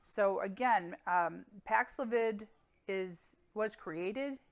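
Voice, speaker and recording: A woman physician giving a weekly medical update in a calm, clinical, explanatory way, with occasional fillers. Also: medium pitch, slow.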